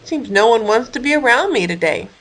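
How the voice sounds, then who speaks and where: A woman doing a big slow gloomy hippo. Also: fairly high pitch, animated, a bit bright. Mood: sad.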